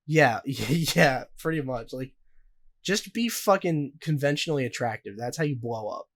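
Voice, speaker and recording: A man's voice: medium pitch, animated, normal speed, a bit bright. Young man, podcast co-host, casual chat, rambling, profane, heavy filler words. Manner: rambling, profane storytelling with lots of "like".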